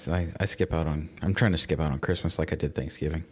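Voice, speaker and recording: A man's voice: rumbling low, steady tone, quick pace, a little mellow, slightly rough. A man co-hosting a podcast, chatting casually in a rambling way, full of restarts and swearing. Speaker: podcast co-host. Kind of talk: casual chat.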